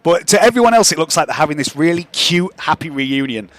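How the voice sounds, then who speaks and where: A man's voice: on the high side, animated, quick pace, no room sound. A man narrating as game master of a tabletop game, loose and laughing, with many fillers.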